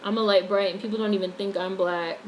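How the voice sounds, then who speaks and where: An American woman holds forth on a casual livestream, blunt and opinionated, swearing as she answers her chat. Her voice sits at an ordinary middle pitch. A faint hiss runs under the recording. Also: steady tone, quick pace, highs cut off. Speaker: YouTube commentator reading chat.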